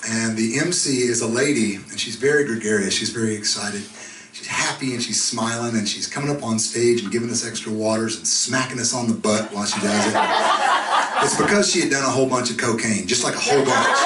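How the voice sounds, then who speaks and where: A man performing live, telling a funny story between songs in a relaxed, chatty way. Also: fairly low pitch. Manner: laid-back, conversational, chuckling through the story. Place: concert venue stage with audience. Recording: echoey live room, distant, audience noise. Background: live audience.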